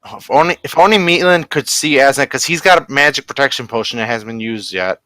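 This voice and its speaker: Man at the gaming table, bright voice, dry close sound, hesitant player. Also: mid-range voice, fast talker, dry recording. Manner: hesitant, thinking aloud. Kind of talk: casual tabletop play.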